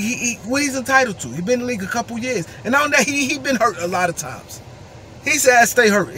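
A young man vents in a heated, profane rant, stumbling and repeating words as his anger builds. His voice sits high for a man. A faint hum of vehicle noise runs underneath. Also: fairly bright tone. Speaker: commentator. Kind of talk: angry ranting vlog.

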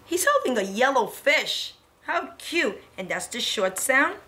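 A woman's voice: sits high, very animated, measured pace, bright, forceful tone. A woman teaching a preschool lesson to young children, in a cheerful sing-song way.

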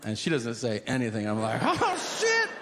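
A man's voice: fairly low pitch, flat delivery, brisk, music in the background. A man doing a crude stand-up comedy set, telling stories with big acted-out quotes. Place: comedy venue stage with audience. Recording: live stage with long reverb and hum.

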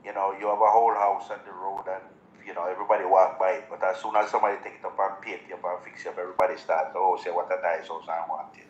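A Jamaican man hosting a live show, talking in relaxed patois and laughing often. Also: sits low, rapid-fire, dull audio. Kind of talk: casual chat. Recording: roomy echo, faint background noise.

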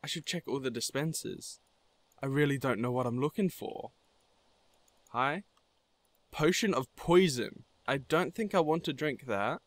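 A gamer with a mid-range voice and moderate pace plays a horror map, offering anxious commentary and addressing the monsters he meets. He scares easily and keeps blurting panicked "no"s.

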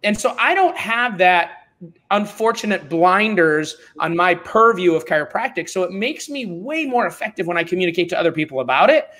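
A middle-aged man talking as a podcast guest, telling stories in a blunt, animated, informal way. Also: sits high, a little fast. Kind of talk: casual conversational storytelling.

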